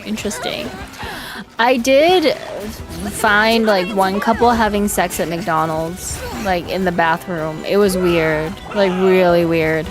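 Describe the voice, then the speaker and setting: A woman's voice: fairly low pitch, slow pace, over music. A woman streamer chatting casually on a livestream, telling crude stories with frequent giggles and lots of "like". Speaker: vtuber streamer.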